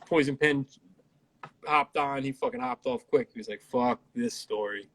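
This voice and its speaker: A man's voice: medium pitch, steady tone, moderate pace, a bit bright. A man, a rapper and producer, chatting loosely on a live interview, laid-back and swearing freely. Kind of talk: casual livestream chat. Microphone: livestream.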